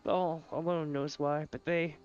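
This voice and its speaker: A man's voice: on the high side, flat delivery, a little slow, darkish tone, lo-fi sound, faint music behind. A man voicing a fierce, superstitious old mother grieving her son, in a theatrical rustic old-woman manner while reading game dialogue aloud. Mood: grim.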